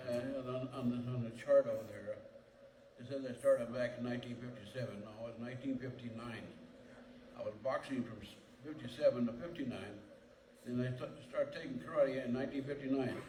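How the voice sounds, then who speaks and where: A man in his eighties giving a nervous, excited acceptance speech, rambling and halting with many restarts. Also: medium pitch, a little hiss or hum. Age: 80s. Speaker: lifetime achievement award recipient. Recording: echoey hall from far off, faint ambience.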